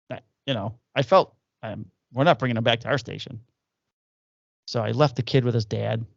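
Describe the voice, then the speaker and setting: Gravelly cop telling stories. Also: male voice, mid-range voice, no room sound, dull audio. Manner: profane, animated anecdote telling with acted quotes. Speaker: podcast co-host, police officer. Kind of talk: casual storytelling chat.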